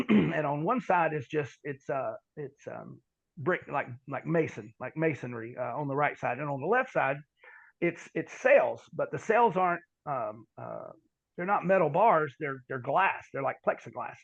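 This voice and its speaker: High-voiced man telling a rambling story. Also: expressive, unhurried, gravelly, muffled recording. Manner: rambling, self-correcting, folksy. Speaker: guest. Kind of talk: casual storytelling.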